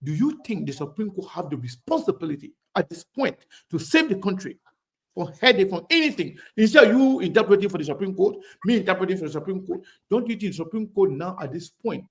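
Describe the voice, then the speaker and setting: A man's voice: high-pitched, big pitch swings, fast talker. A man hosting a heated political debate, pushing his guest with repeated questions and cutting in. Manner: presses with repeated questions, cuts in.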